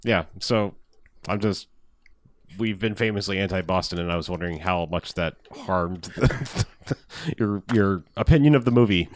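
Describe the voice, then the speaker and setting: Laughing, rambling man with a lowish voice. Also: moderate pace. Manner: rambling, animated, laughs often, restarts. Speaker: podcast host. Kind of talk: casual movie review chat.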